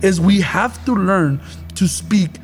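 A man's voice: high voice, slow, a little hiss or hum. A man hosting a casual Christian podcast, talking earnestly about the Holy Spirit with rambling restarts.

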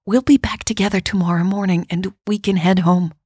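A woman narrator voicing a soft-spoken, urgent soldier woman in hushed, half-whispered lines. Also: mid-range voice, steady tone, brisk, slightly rough, no echo, studio quality, lightly acted. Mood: soothing.

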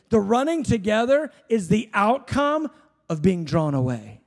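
A male preacher with a high, gravelly voice delivers a fervent sermon. He surges into shouted appeals, then drops to a hushed, chatty, self-deprecating storytelling tone. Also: very animated, a little slow. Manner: conversational, self-deprecating anecdotes.

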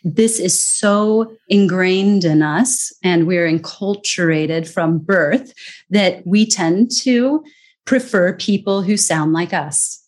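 A woman's voice: on the low side, takes it slowly, darkish tone. Earnest American woman explaining with emphasis. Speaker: guest expert on accents. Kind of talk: conversational interview.

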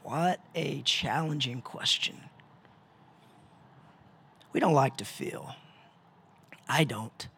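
A male preacher delivering a sermon, posing rhetorical questions with dramatic pauses and sometimes dropping to a hushed voice. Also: mid-range voice, expressive, vocal fry, a little hiss or hum.

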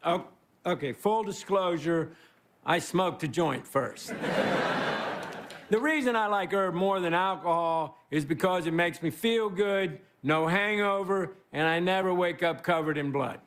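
A man's voice: high voice, a little slow, fairly bright tone. A man giving a rambling, self-deprecating stand-up monologue as guest host on a live TV studio stage. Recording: live studio audience with crowd noise. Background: laughing studio audience.

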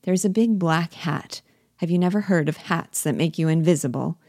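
A woman reading the part of Doctor Rank, an ironic, dying family friend in a stage play, in a wry, measured way. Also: fairly low pitch, darkish tone, no room sound, studio quality.

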